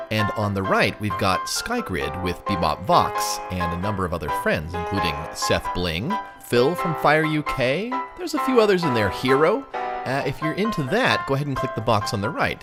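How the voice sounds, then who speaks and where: A man hosting a gaming channel, casually reading the channel outro and running through links quickly. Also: lowish voice. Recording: voice over loud music.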